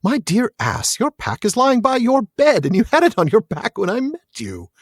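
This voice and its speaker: A man's voice: extremely high pitch, huge pitch swings, moderate pace, dry recording, studio quality, pitched above the performer's own voice, exaggerated voice. A man voicing a cheerful, teasing young male hobbit as he reads aloud from a novel. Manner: playful, bantering.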